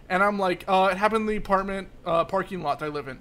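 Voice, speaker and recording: A young man with a high, bright voice co-hosts a casual podcast. He tells rambling stories full of swearing in loose, offhand banter. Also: fast talker. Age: young adult. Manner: profane, rambling storytelling. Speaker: podcast co-host.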